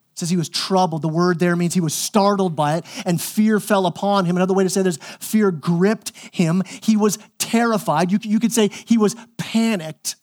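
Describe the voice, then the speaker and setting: High-voiced man preaching a sermon. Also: steady tone, normal speed, hardly any pauses, a little mellow. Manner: conversational and emphatic, repeats words when pressing a point. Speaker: pastor.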